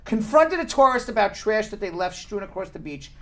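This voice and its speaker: A man's voice: high voice, fairly quick. A man hosting a talk show, telling news stories in a casual, laughing way. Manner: laughing, animated storytelling. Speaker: show host.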